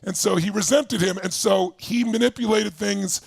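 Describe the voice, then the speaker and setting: A man telling a story in an animated, emphatic motivational talk, swearing freely. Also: high-pitched, moderate pace, vocal fry, dry recording, studio quality. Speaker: motivational speaker.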